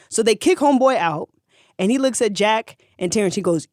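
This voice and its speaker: A podcast storyteller retelling history for laughs, animated, slangy and profane. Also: medium pitch, a little fast, dry recording, studio quality.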